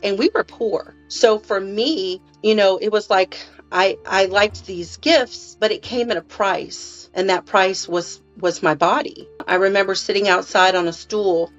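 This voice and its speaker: A woman speaking as an interview guest, telling her personal story in a halting way with restarts and repeated words. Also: medium pitch, muffled recording.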